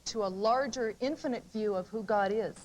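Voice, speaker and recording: A woman's voice: medium pitch, moderate pace, a little mellow, low-quality recording. A woman who is a guest on a talk radio show, arguing her point insistently. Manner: insistent, argumentative.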